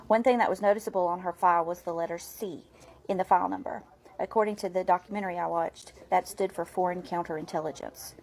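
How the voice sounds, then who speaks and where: A woman reads scripted narration at a steady, even pace. Her voice sits somewhat low for a woman. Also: quick pace, vocal fry, low-quality recording. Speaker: narrator of a video.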